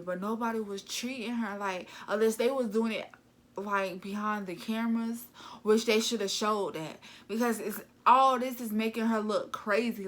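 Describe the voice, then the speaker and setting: Blunt, gossipy young woman vlogger. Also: medium pitch. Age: 20s. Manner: animated, gossipy, blunt retelling. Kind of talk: casual storytelling vlog.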